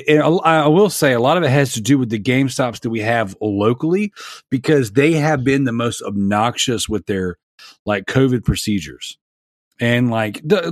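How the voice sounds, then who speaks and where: A man's voice: medium pitch, dry recording, studio quality. A man in his thirties telling a long, exasperated story in a casual podcast chat. He rambles and restarts his sentences often. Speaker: podcast panelist.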